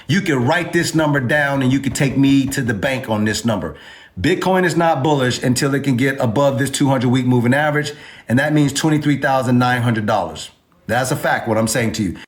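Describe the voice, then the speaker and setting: Guy w/ breaking down crypto charts, emphatic, keeps asking if y'all agree, mid pitch. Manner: emphatic, repeats numbers, asks the audience to agree. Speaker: crypto trading instructor. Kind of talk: informal chart walkthrough lesson.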